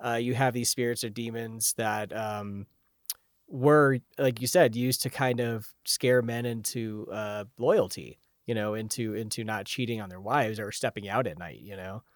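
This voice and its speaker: A man's voice: fairly low pitch, fairly even intonation, moderate pace, dry recording, studio quality. A man co-hosting a podcast, telling folklore in a loose, casual way, laughing often and swearing freely. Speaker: podcast co-host. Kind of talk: casual chat, reading folklore notes.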